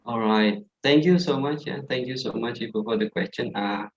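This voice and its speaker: A man's voice: mid-range voice, normal speed. A man giving pronunciation tips in a chatty way, full of fillers, on a video call. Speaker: pronunciation presenter. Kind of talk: teaching tips on an online class call. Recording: echoey room, dull online call audio.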